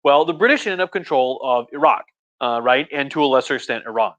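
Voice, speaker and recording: A man's voice: medium pitch, lively intonation, a little fast, a bit bright, lo-fi sound. A tipsy man giving a casual, rambling history talk, full of jokes and acted-out asides. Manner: rambling, jokey, acts out voices with "like". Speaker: history lecturer.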